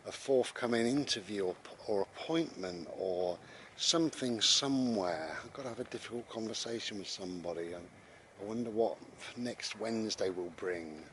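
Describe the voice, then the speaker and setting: Low-voiced British man musing casually. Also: lively intonation, moderate pace, a bit bright, slight background noise. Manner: rambling, conversational, with repeated restarts. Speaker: vlogger. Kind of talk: casual spoken reflection on mindfulness. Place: outdoors while walking his dog.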